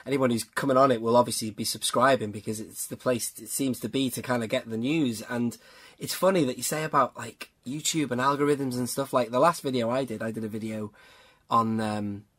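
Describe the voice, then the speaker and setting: A man's voice: mid-range voice, steady tone, fairly quick, a bit bright. A man hosting a podcast in casual chat, talking enthusiastically and often calling his guest "man". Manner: enthusiastic, peppers talk with "man". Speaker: podcast host.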